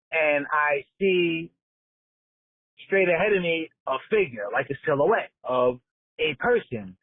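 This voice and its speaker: A man's voice: medium pitch, no room sound. A man calling in and leaving a voicemail, telling a story in a casual, streetwise way with some swearing. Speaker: caller. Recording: tinny phone voicemail.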